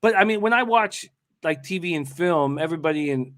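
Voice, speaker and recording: A man's voice: fairly high pitch, expressive, a little fast, fairly bright tone. A young man co-hosting a live betting watch party in casual chat, rambling with many fillers and restarts.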